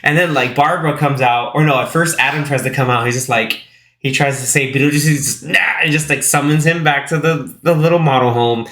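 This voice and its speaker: A man's voice: medium pitch, fairly quick, a bit bright. A man co-hosting a casual movie podcast, rambling with lots of fillers. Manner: rambling, many fillers, acts out movie quotes. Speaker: podcast co-host. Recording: roomy echo.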